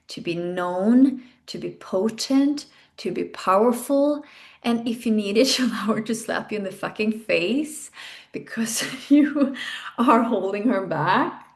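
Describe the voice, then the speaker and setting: A woman's voice: medium pitch, creaky. A woman hosting a podcast, guiding a self-development exercise in an intimate, frank way, swearing casually. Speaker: podcast host and coach.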